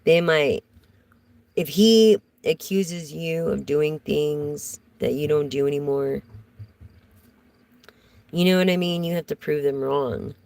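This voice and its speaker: A woman's voice: low-pitched, takes it slowly, creaky, long pauses, darkish tone, poor audio. A woman giving a casual live tarot reading, chatty and rambling as she talks straight to her viewers. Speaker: tarot reader.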